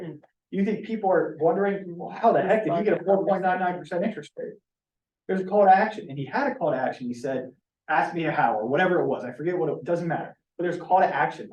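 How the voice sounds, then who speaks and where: A man talks to his team in an earnest, direct way and often corrects himself mid-sentence. His voice sits a little high. He is recorded from a distance in a roomy meeting space. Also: a little mellow, muffled recording.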